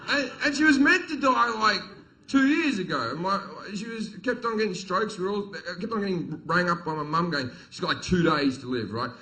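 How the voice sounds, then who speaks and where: A man with an Australian accent doing a stand-up comedy set, telling crude, profane stories and punching up the jokes loudly. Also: high voice, expressive, a little fast, poor audio. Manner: crude, profane, storytelling delivery with sudden loud punchlines. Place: comedy venue stage with audience.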